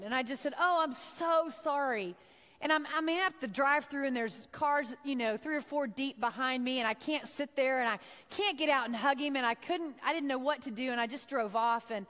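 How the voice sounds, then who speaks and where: A woman's voice: high-pitched, moderate pace, fairly bright tone, long reverb tail. A woman from Texas giving a heartfelt sermon-style talk, telling a personal story and acting out her own thoughts. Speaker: speaker giving a devotional talk.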